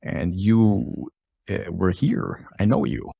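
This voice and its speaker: A man's voice: sits low, big pitch swings, takes it slowly, creaky, warm tone, slightly rough, no room sound, dull audio, exaggerated voice. A man quoting an insistent drive-thru worker.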